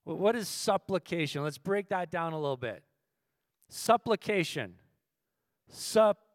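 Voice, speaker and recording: A male pastor preaching a sermon, moving between quiet teaching and loud, impassioned passages, and asking the audience questions. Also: sits high, expressive, a little slow, no room sound.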